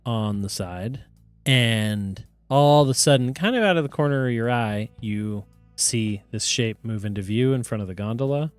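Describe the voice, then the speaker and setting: A man narrating as game master of a tabletop game in a relaxed, chatty way with fillers. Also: medium pitch, moderate pace, clear, resonant tone, no echo, soft background music.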